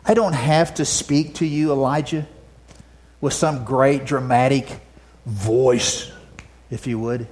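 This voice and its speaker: A man's voice: medium pitch, slow pace. Emphatic preacher man. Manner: swings from loud emphatic declarations to soft hushed asides; repeats words and restarts phrases. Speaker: pastor. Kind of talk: sermon.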